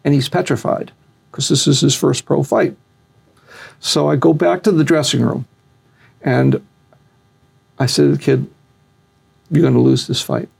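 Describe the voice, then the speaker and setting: Gravelly husky guy telling a story, kinda high voice, acts out the quotes. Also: unhurried, pauses often, a little mellow. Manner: acts out quotes with raised pitch. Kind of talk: animated storytelling.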